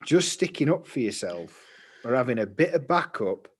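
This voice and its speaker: A man's voice: mid-range voice, sing-song, normal speed, husky. A young man, casually telling a long story on a podcast, rambling and swearing freely. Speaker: podcast co-host.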